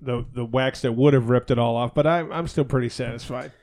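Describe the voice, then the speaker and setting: A man's voice: mid-range voice, steady tone, fairly quick, darkish tone. A man co-hosting a casual podcast, telling a long crude joke with many stumbles and fillers. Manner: rambling, crude, stumbles over setups. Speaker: podcast co-host.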